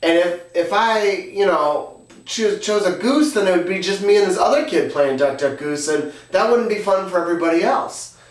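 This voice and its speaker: A man's voice: sits high, normal speed, pitched above the performer's own voice, natural voice. A man voicing an earnest young boy at a summer camp, pleading and exasperated as he explains himself. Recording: roomy, from far off the mic.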